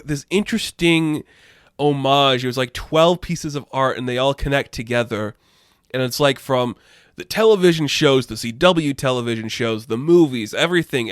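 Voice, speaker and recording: A man giving casual, rambling commentary, chatty and quick to laugh. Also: medium pitch, no room sound, clean studio sound. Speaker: pop culture commentator.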